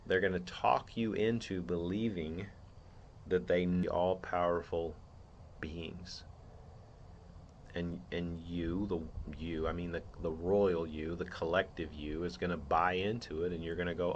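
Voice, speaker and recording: Deep voiced guy rambling on about his theory, lots of restarts, bit of hum behind him. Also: fairly even intonation, unhurried, muffled recording. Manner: earnest, rambling, with many restarts. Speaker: podcast host. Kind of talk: monologue on a personal theory.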